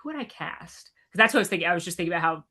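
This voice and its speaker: A woman guest on a podcast, chatting casually in a lively, animated way. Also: on the low side, rapid-fire, husky. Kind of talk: casual chat.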